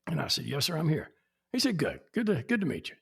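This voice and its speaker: Older guy telling stories, very husky and gravelly, voice bounces all over the place. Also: on the high side, fast. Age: 70s. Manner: animated, acts out quoted people. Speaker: podcast guest. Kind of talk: anecdotal storytelling.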